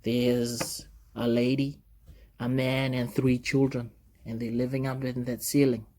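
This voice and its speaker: A man's voice: medium pitch, little pitch movement, unhurried, warm tone, pitched below the performer's own voice, lightly acted. A man voicing an insistent Italian man in his fifties who keeps demanding that security act. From Italy.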